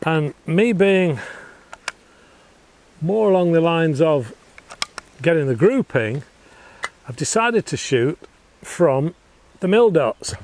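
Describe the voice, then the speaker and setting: Lively chatty British man. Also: on the high side, slow pace, pauses often, a little hiss or hum. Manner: chatty, laughs often, self-mocking. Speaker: host. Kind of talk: casual airgun review. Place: outdoors in a paddock.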